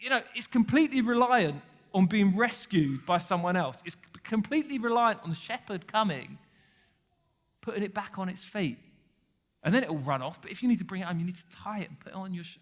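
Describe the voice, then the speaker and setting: High-voiced preacher in echoing hall. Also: male voice, a bit bright. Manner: conversational storytelling, asks the congregation questions. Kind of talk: sermon. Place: church hall. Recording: long church hall reverb.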